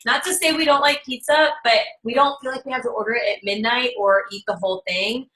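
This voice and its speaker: A woman's voice: fairly high pitch, fairly even intonation, fairly quick, fairly bright tone, low-quality recording. A woman in casual chat on a live call, recommending products and acting out quoted talk. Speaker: product presenter.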